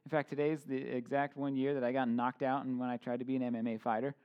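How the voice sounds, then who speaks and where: A man's voice: medium pitch, level tone, quick pace, smooth, dull audio. A man in his thirties preaching a casual sermon, informal, with joking asides and many fillers and restarts. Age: 30s. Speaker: pastor.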